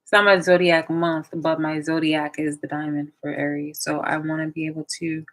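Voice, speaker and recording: A woman's voice: deep voice, flat delivery, normal speed, a bit bright, poor audio. A young woman chatting casually on a live stream, rambling with many fillers and restarts. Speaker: vlogger waiting for live chat.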